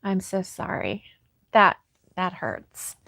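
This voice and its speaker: A woman hosting a relaxed crafting livestream, chatting through viewer comments and breaking into giggles as she goes. She talks unhurriedly and plainly into a close microphone in a dry, dead room. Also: lowish voice, slow pace, creaky, dry recording. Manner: giggly, laughs often, soft-hearted. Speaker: crochet livestream host. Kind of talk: casual chat reading viewer comments.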